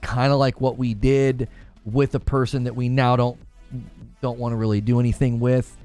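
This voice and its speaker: A man hosting a gaming news stream, chatting casually with viewers and reading their comments, animated and quick to laugh. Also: mid-range voice. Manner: animated, laughs often, thinks aloud with restarts. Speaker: host of a gaming news show.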